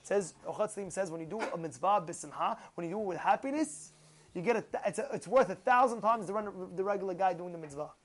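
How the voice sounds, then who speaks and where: A man teaching a Torah class, animated, acting out excited voices with gasps and rhetorical questions. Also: high voice, fast talker.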